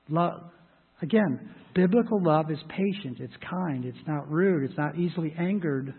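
A man's voice: fairly high pitch, normal speed, breathy edge. A male pastor preaching a sermon in a conversational, emphatic way, slipping into short acted asides. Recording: phone-like audio with long hall reverb.

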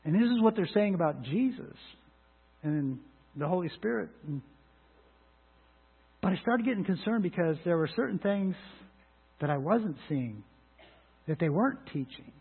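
High-voiced earnest male preacher. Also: lively intonation, normal speed, long pauses, slightly rough, narrow, tinny audio. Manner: earnest, swings between emphatic and quiet. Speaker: pastor. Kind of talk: sermon.

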